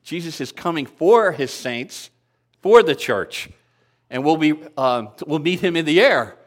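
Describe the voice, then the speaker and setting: Older male pastor, sermon delivery, chatty and lightly humorous, slightly high voice. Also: expressive, measured pace. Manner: conversational preaching with light humor and rhetorical questions.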